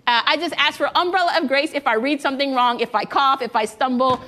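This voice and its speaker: A woman preaching a sermon to a congregation, lively and engaging them in call-and-response, a little out of breath. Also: high-pitched, quick pace. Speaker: guest preacher.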